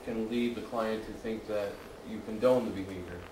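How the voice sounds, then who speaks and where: A man's voice: fairly low pitch, fairly even intonation, normal speed. A man in the audience asking a question hesitantly, stumbling over repeated words. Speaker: student in the audience. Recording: distant and roomy with background noise.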